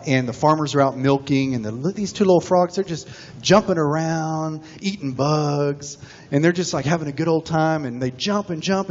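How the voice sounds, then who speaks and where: Male minister, sermon, folksy storyteller, chapel sanctuary, dull lo-fi recording, long reverb. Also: a little high. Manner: folksy, animated storytelling preacher. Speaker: senior minister.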